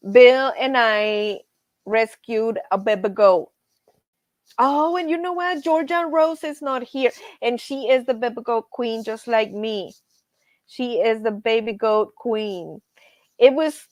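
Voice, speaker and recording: A woman hosting a live stream, somewhat high-voiced and chatty, telling animated stories to her viewers and laughing as she goes. The sound is dry and close-miked with almost no room echo. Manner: animated storyteller, says y'all, laughs often. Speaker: livestream host. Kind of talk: casual live-stream chat.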